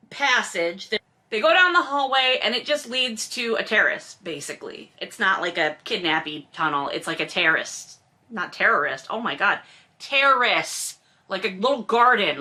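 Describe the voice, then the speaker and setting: A woman's voice: on the high side, bright, forceful tone. A woman in her forties reading a novel aloud and mocking it with sarcastic, exasperated asides. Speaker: host reading and commenting on a novel. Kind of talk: comedic book commentary.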